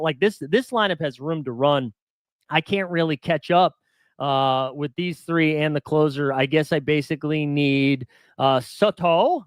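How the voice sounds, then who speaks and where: A man hosts a laid-back fantasy baseball stream, talking in a rambling, self-deprecating way with the odd chuckle. His voice sits a little higher than most men's. The sound is dry, with no room echo. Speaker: fantasy baseball show host. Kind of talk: casual live-stream chat.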